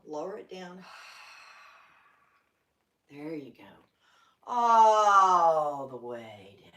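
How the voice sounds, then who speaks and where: An older woman with a Southern US accent, leading a gentle yoga class in a folksy, chatty way with playful asides. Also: fairly low pitch. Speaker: yoga instructor. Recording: roomy, from a distance off-mic.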